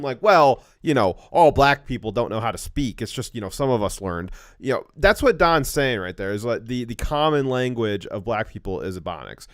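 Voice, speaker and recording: A man hosting a casual political commentary show, talking in animated bursts, often restarting his words and chuckling at his own points. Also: on the high side, no echo, clean studio sound. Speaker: show host.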